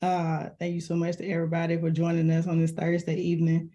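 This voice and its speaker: Southern alabama gal on a video call, lowish voice, laid back and jokey. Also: female voice, monotone, fast talker, dark tone, highs cut off. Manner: breezy and joking. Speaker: panelist, nurse practitioner.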